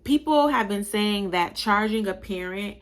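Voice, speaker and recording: A woman hosting a casual talk show, reading out a news story and reacting with soft exclamations along the way. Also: mid-range voice, expressive, measured pace. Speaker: host.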